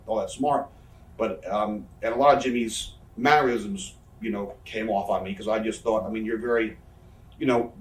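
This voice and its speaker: Man, thirties, quick speech, profane, candid storytelling, distant from the mic. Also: lowish voice. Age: 30s. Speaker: professional wrestler interviewee. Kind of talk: candid shoot interview storytelling. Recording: roomy, voice from away from the mic.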